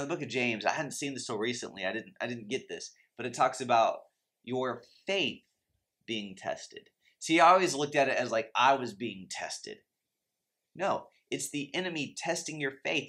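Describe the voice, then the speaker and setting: A man's voice: mid-range voice, sharp tone. A man teaching about faith and money in a conversational, impassioned preaching style, full of asides to his viewers. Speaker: Christian finance teacher. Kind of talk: preachy teaching talk to camera.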